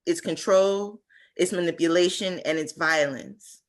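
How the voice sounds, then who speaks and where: A woman's voice: lowish voice, unhurried. A woman in her twenties giving an earnest, heartfelt personal testimony at a conference over a video call, with frequent fillers. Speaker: conference speaker.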